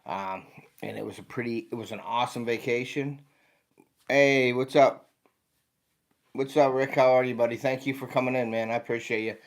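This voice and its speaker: An American man in his fifties talks through a casual livestream, greeting viewers one by one in a loose, friendly way. He sounds tired and yawns between remarks. His voice sits at an ordinary middle pitch. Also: steady tone, moderate pace, long pauses. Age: 50s. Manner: chatty, greets viewers by name. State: tired, yawning. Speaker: outdoor channel host.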